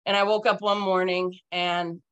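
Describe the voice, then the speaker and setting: A woman's voice: on the low side, flat delivery, moderate pace, fairly bright tone, smooth, muffled recording. A woman speaking as a podcast guest, telling her personal story in a frank, earnest and emphatic way.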